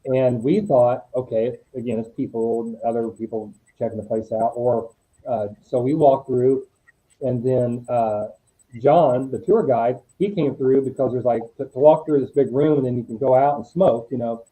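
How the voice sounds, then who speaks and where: A middle-aged man, a podcast guest, talks with a very mellow, dark tone. His storytelling is animated and wanders off on tangents. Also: mid-range voice, measured pace, low-quality recording. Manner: animated, digressive talker. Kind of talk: casual storytelling.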